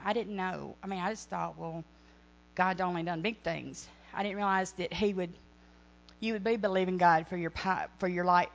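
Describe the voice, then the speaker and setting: A woman's voice: lowish voice, vocal fry, muffled recording. A middle-aged woman sharing a church testimony, earnest and rambling, often correcting herself. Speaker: ministry speaker.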